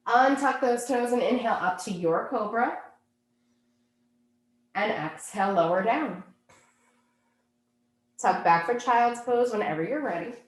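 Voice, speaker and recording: Calm woman guiding a yoga class. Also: on the high side, echoey room. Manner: calm, unhurried cueing of poses and breaths. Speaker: yoga instructor. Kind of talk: guided yoga class instruction.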